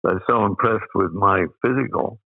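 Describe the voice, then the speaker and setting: An older man in his eighties from Australia tells rambling stories and chuckles as he goes. His low voice is gravelly with fry. It comes through a tinny, phone-like line with a dry sound. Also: moderate pace, dry recording. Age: 80s. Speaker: guest. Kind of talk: anecdotal storytelling.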